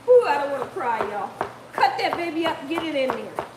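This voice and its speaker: A cooking channel host with a high, sing-song voice talks briskly during a live stream from her home kitchen. She reads viewers' chat messages aloud, chatting away and laughing a lot, with a roomy sound and background noise.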